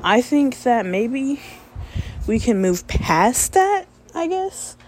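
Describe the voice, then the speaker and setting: A woman vlogger talking fast in a blunt, profane casual rant. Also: on the high side, sing-song. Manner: blunt, heavy swearing. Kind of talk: casual ranting monologue.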